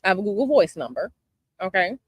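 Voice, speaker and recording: A woman's voice: medium pitch, sing-song, quick pace, a little hiss or hum. A woman from Chicago hosting a casual chat with her viewers outdoors, sassy and emphatic, repeating her advice. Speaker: tarot channel host. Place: outdoors by a palm tree, planes overhead.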